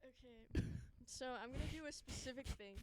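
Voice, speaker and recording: A woman's voice: high-pitched, moderate pace, a loud crowd. A woman co-hosting a podcast, casually telling a story and laughing often while she holds her ground. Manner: giggly, stubbornly telling a story. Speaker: podcast co-host. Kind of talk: casual chat.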